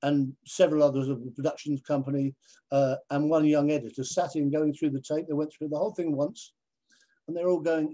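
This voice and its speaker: Animated man telling stories. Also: fairly high pitch, a little fast. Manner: animated, acts out other people's voices in his stories. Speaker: television presenter guest. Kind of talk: anecdotal storytelling in a conversation. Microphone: video call.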